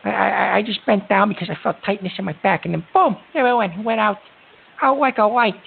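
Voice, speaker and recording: A high-pitched, gravelly man speaks over a tinny phone line. He is hosting a call-in show from a hospital room while in pain. He rambles through fillers, swears, and turns irritable fast. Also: a little hiss or hum. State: in pain from a back injury. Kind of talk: call-in radio talk.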